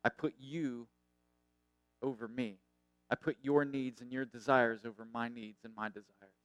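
A middle-aged man preaching a sermon earnestly, raising his voice and then dropping to a hush. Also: medium pitch, fairly even intonation, measured pace, clean tone, no echo, lo-fi sound, soft background music. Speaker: pastor.

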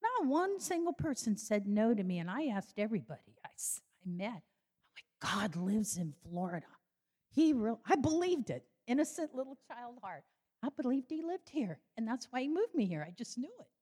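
An older woman telling her personal faith story, animated and acting out the voices she quotes. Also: fairly quick. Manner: animated, acts out quoted voices with sudden high jumps. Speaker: speaker giving a personal faith testimony.

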